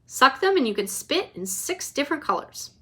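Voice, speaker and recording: A woman reading a children's chapter book aloud to her child, lively and expressive. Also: high voice, normal speed. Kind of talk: bedtime read-aloud.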